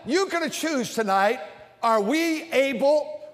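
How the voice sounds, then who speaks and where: A man's voice: very high voice, lively intonation, unhurried, big-room sound. A man preaching an emphatic sermon as a Baptist preacher, leading his congregation in call-and-response. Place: large church with balcony and bleachers.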